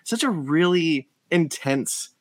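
A man's voice: a little high, expressive, slow pace. A man hosting a podcast, chatting enthusiastically about a comic book with frequent restarts. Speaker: podcast host. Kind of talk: casual podcast chat.

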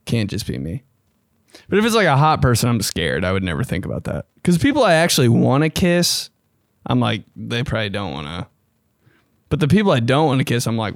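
This young podcast host rambles through a casual solo episode, excited and slangy, cursing often and breaking into high mocking impressions. The sound is studio quality, echo-free, and his pace is normal.

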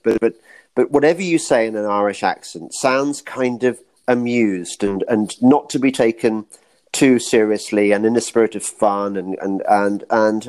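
A man's voice: on the low side, a little mellow. Rambling, ironic British man. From Britain. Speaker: guest. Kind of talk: casual chat.

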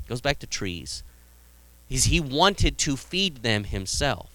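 A man's voice: mid-range voice, very animated, slow, sharp tone, no room sound. A male pastor preaching casually, with humor and frequent restarts. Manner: conversational preaching, acts out Bible scenes with humor; frequent restarts and repeated words. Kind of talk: sermon.

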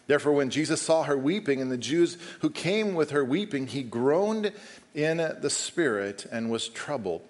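A man preaching, who reads a long Bible passage aloud and then talks directly to his congregation. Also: medium pitch. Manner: reads scripture steadily, then talks to the congregation and calls up a helper. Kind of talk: scripture reading and sermon.

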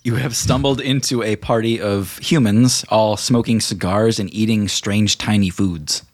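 A man narrating a tabletop game as game master, animated and playful. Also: on the low side, no echo, clean studio sound. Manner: animated, laughing narration with quick character voices.

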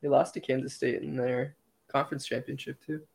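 Male guest with a gravelly voice, laid-back and hesitant in sports chat. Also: medium pitch, level tone, a little fast. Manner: hesitant, many fillers and restarts. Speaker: podcast guest.

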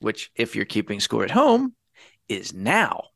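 A man's voice: on the low side, a little slow, vocal fry, no echo, clean studio sound. A man hosting a podcast in a casual chat, wry and sarcastic as he sets up the topic. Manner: wry, sarcastic, lively delivery. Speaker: podcast host.

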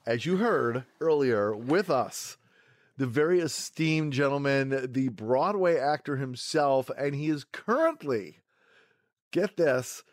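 A man's voice: mid-range voice, animated, slow pace, dry recording, studio quality. A man hosting a comedy podcast, chatting playfully and joking around, sometimes stumbling over his words. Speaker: podcast host. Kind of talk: casual comedy chat.

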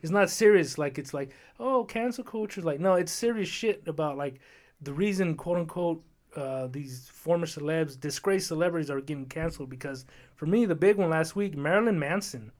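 Man, fairly high voice, rambling podcast chat, lively delivery. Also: moderate pace. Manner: rambling, lively, with fillers and restarts. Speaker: podcast co-host. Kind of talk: casual chat.

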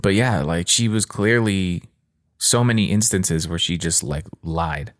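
A man's voice: low voice, a little slow. A man chatting casually, retelling events in a laid-back way with lots of fillers. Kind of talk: casual chat.

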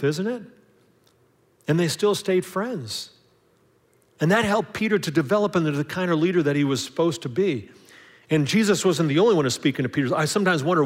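A man preaching in a relaxed, chatty style, slipping into short acted exchanges and stumbling over restarts. His voice sits a little high for a man. A long, lingering reverb fills the large hall around him. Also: a little fast. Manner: conversational, acts out little dialogues, frequent restarts. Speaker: pastor. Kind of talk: sermon.

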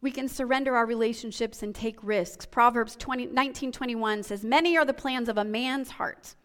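A woman pastor preaching a sermon, animated, moving between quiet and loud passages. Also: fairly high pitch, brisk, big-room sound. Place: church sanctuary.

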